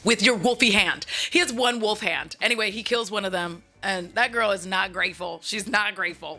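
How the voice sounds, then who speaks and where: A woman's voice: mid-range voice, moderate pace, hardly any pauses, bright, forceful tone, faint music behind. A woman hosting her channel, retelling a movie in a chatty, comic way with asides straight to her viewers. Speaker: channel host. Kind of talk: comedic movie recap. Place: at home.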